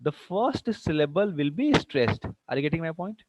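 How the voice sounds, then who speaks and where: A man's voice: on the high side, big pitch swings, normal speed, noisy background. A man with an Indian English accent teaching an English class online. He asks many questions, repeats himself, and mixes in Hindi phrases.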